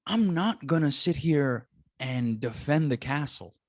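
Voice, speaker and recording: A man's voice: fairly high pitch, lively intonation, a little slow, no echo. A man telling a story in a casual podcast chat, acting out the people he quotes. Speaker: comedian guest.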